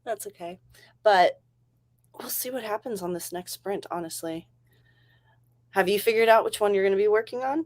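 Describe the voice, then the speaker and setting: A woman's voice: mid-range voice, moderate pace, pauses often, darkish tone. A woman hosting a casual writing livestream, chatty and rambling, laughing often between thoughts. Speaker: livestream host.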